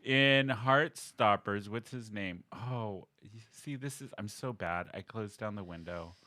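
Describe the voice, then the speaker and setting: A man's voice: on the low side, unhurried, sharp tone, dry recording. A man co-hosting a podcast in casual chat, playful and teasing, often laughing. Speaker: podcast co-host.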